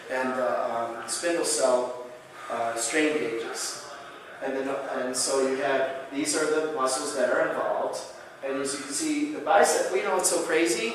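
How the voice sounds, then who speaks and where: A man giving a conference lecture, telling patient stories in an animated way and acting out the dialogue. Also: fairly high pitch, slight background noise. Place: large conference hall. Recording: echoey hall from far off.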